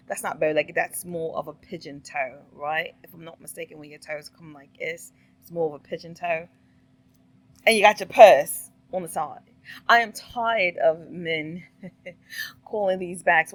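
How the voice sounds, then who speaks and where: A middle-aged woman talks through a reaction clip in a slow, deliberate way. Her voice sits a little low. She is opinionated and fond of rhetorical questions. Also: dry recording, rough recording. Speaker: commentary vlogger. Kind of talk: casual reaction commentary.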